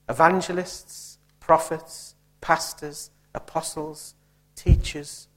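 A man's voice: high-pitched, a little slow. A man preaching a sermon, emphatic and punchy, firing rhetorical questions at the room.

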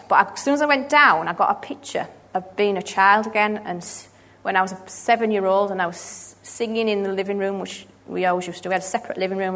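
A woman in her thirties giving a personal testimony at church, earnest and halting, with frequent restarts. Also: mid-range voice, sharp tone.

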